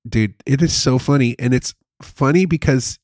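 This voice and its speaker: A man's voice: medium pitch, moderate pace, darkish tone, no echo, clean studio sound. A man co-hosting a casual chat, joking and sliding into comic bits that he repeats. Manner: jokey, goes into comic bits and repeats them. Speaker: podcast co-host.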